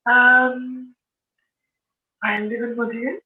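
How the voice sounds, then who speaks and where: A woman's voice: on the high side, flat delivery, drawn-out words. British woman, from London, interview guest, matter-of-fact, tinny phone-like sound. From London, England. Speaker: guest, author. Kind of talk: casual interview chat.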